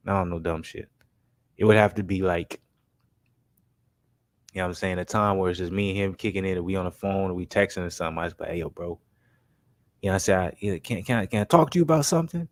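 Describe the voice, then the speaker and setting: A young man with a low-pitched voice hosts a livestream with basketball commentary, chatting casually in slang and walking his chat through made-up scenarios. He's laid-back, keeps saying "you know what I'm saying" and "man," and voices friends in quick quotes. There's no room sound.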